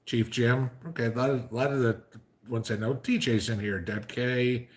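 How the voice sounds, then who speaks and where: A man's voice: mid-range voice, fairly even intonation, normal speed. A man hosting a casual livestream who talks in a loose, rambling way, full of fillers, and tells jokes. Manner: rambling, filler-heavy, joke-telling. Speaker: livestream host.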